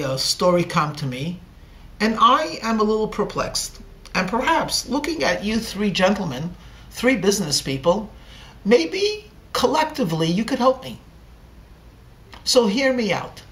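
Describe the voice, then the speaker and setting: A wise old king who muses aloud in an unhurried, humble tone, voiced by a man in the middle of a sermon. Each thought is weighed before it is spoken. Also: high voice, sing-song, bright, forceful tone, full character voice. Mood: pondering.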